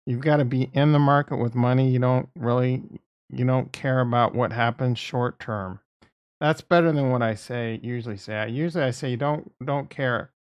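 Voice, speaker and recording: A man's voice: mid-range voice, normal speed, clean tone, muffled recording. A man giving casual market commentary as a video host, blunt and profane, repeating his points and getting exasperated. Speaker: crypto and stock market YouTuber.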